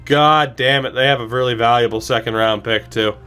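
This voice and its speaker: A man's voice: mid-range voice, steady tone, fairly quick, pushed and bright, smooth, soft background music. A man commentating a video game he plays, exasperated and pleading, swearing often, with sarcastic asides. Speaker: gaming channel host.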